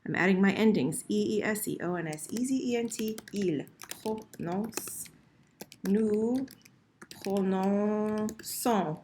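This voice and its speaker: A woman's voice: medium pitch, lively intonation, fast talker, hardly any pauses, a little mellow, slight background noise. A woman teaching French verb conjugation in a screen-recorded lesson, patient and correcting herself as she types. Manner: patient, self-correcting, talks while typing.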